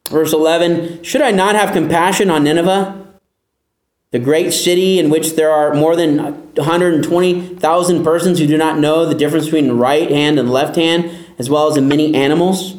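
A man's voice: fairly high pitch, steady tone, moderate pace, darkish tone, roomy sound. A man preaching a sermon as pastor, emphatic, asking the listeners pointed rhetorical questions.

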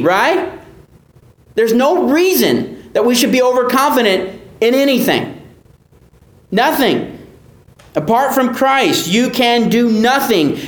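A man's voice: high voice, reverberant. A man preaching an expository sermon, earnest and emphatic, repeating key phrases for weight. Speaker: pastor.

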